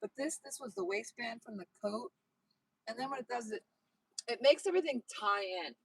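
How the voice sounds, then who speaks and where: A woman's voice: fairly high pitch, expressive, brisk, creaky, breathy edge, no echo, low-quality recording. A woman host chatting casually on a phone livestream outdoors by a horse paddock, upbeat and reading out viewer comments. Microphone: phone held in hand.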